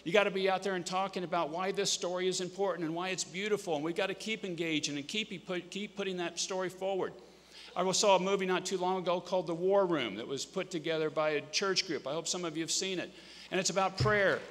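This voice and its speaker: A man's voice: high voice, fast, a bit bright. A middle-aged man from Kansas, a state governor giving an earnest conference speech in a folksy storytelling manner. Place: large conference hall. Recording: echoey conference hall.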